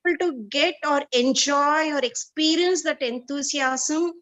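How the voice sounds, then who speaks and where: High-pitched woman, earnest questioner, halting delivery. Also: fairly bright tone. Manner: hesitant, restarts with "uh", earnest and direct. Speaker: student. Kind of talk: asking questions in a class.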